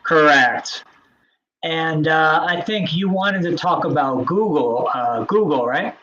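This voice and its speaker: A man's voice: fairly high pitch, takes it slowly, bright, forceful tone, muffled recording. A man hosting a casual tech podcast chat, rambling and full of fillers and restarts. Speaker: podcast host.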